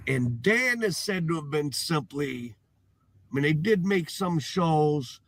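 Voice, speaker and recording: A man doing commentary in a played video, talking slowly in a meandering, halting way. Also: on the high side, gravelly, fairly bright tone, slight background noise.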